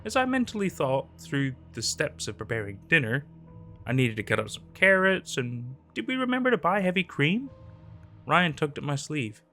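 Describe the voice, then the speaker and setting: A man's voice: fairly high pitch, very animated, normal speed, bright, forceful tone. A man narrating a scary story in a dramatic, tense scripted style over faint background music.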